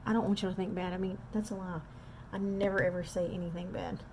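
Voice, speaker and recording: A woman's voice: on the low side, little pitch movement, quick pace, noisy background. A woman, chatting casually and self-deprecatingly to viewers while doing a makeup tutorial at home. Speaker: makeup artist.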